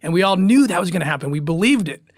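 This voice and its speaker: Earnest man telling a story, halting with emotion. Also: sits high, lively intonation, no echo, studio quality. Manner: earnest, halting, restarts when moved. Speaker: guest recounting undercover work.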